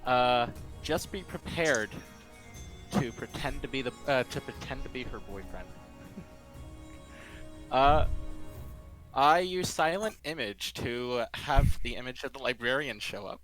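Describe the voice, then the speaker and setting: Hesitant dude at a tabletop game, lots of ums, bright edgy voice, faint music. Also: male voice, medium pitch, animated, unhurried, pauses often, low-quality recording. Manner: hesitant, many "uh" and "um". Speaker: player.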